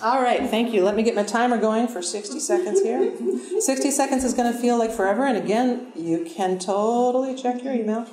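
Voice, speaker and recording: A woman's voice: a little high, brisk. A woman voice coach leading a live workshop, upbeat and encouraging as she instructs the group. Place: large room with a live audience. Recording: echoey room with crowd. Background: audience voices.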